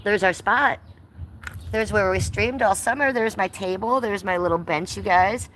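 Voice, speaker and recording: A woman's voice: medium pitch, moderate pace, fairly bright tone, a little hiss or hum. Blunt, sweary woman livestreaming from a phone. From Cleveland, US. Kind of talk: casual livestream chat, reading chat aloud. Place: at home, stepping outside in the cold. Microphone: phone held by hand.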